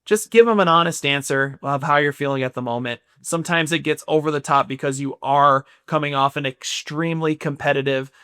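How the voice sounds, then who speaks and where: Bright-voiced easygoing man. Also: on the high side, smooth, no echo, studio quality. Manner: easygoing, agreeable, measured. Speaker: podcast co-host, former player. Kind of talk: casual chat.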